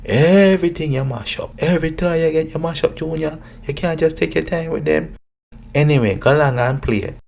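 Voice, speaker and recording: A performer voicing a bossy mother with a Jamaican accent in a cartoon, loud and nagging. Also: medium pitch, a little fast, creaky, a little hiss or hum, natural voice.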